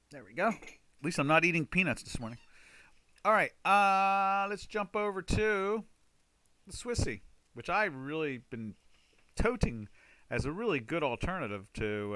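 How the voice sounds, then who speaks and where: A man from the United States hosts a live webinar, talking loosely and rambling between points. His voice is bright and forceful. The recording is dry and close. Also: fairly high pitch, animated, measured pace, dry recording. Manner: chatty, rambling, exclaims loudly in frustration. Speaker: trading webinar host. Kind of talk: casual live webinar talk.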